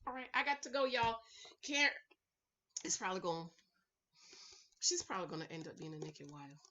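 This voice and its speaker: A woman's voice: fairly low pitch, big pitch swings, a little fast, bright, forceful tone, dull audio. A woman recording a casual, sassy recap vlog at home, chatting to her viewers and calling them y'all, honey and girl. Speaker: reality TV recap vlogger.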